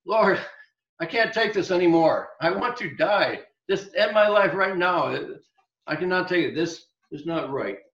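A man's voice: high-pitched, lively intonation, a little slow, fairly bright tone, roomy sound, muffled recording, heavily acted. A man voicing the prophet Jonah as a sulky, exasperated grown man who protests and pleads with God. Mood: despairing.

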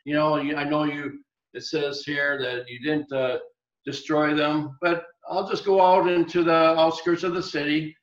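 A preacher doing Jonah, a whiny sulking prophet. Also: male voice, sits high, animated, measured pace, fairly bright tone, roomy sound, lo-fi sound, pitched above the performer's own voice. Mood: sulky, scheming. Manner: whiny, protesting, pleading. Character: sulking exasperated male prophet, grown man.

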